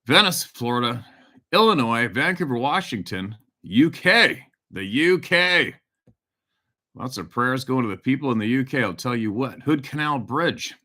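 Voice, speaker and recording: A man's voice: mid-range voice, lively intonation, a little slow, sharp tone. A middle-aged man from Canada hosting a casual live stream, reading out viewers' locations and telling a loose, profane hunting story. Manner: reads out viewer locations, swears casually, tells stories. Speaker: hunting show host on a livestream.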